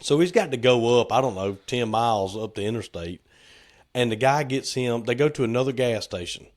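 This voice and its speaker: A man's voice: medium pitch, lively intonation, brisk. Laid-back man telling a story. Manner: laid-back, chuckling, acts out quotes. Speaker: podcast co-host. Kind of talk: casual storytelling chat.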